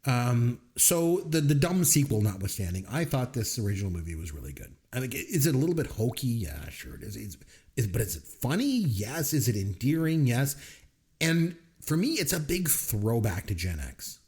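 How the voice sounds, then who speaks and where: Lively, animated man chatting about movies. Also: medium pitch, moderate pace. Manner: animated storyteller, acts out movie lines and laughs often. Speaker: podcast co-host. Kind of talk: casual movie review chat.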